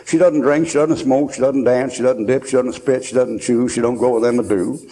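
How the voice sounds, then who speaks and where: A man's voice: medium pitch, fairly even intonation, brisk, mellow. A man in his sixties preaching a folksy sermon at a conference, joking and laughing as he tells stories.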